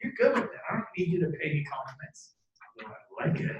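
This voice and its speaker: A man in his fifties giving an energetic motivational talk to a live audience, preachy and animated, with sudden shouted bursts and jokey asides. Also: on the high side, a little fast, muffled recording, a little hiss or hum. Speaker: motivational speaker at a team training event. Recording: echoey room from a distant mic.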